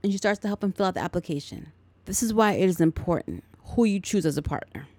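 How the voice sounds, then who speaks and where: A woman podcast host walks through a film plot in a relaxed, chatty way, stopping often to add her own opinions and asides. Her voice sits at an everyday middle pitch. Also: fast talker, breathy edge, no echo. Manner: chatty, editorializing. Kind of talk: casual movie recap.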